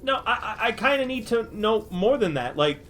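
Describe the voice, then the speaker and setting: A woman's voice: a little high, big pitch swings, moderate pace, a bit bright, a little hiss or hum. Woman playing Merritt, a sputtering gang boss. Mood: whiny. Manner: sputtering, stammering, incredulous. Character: flustered male gang boss, exasperated.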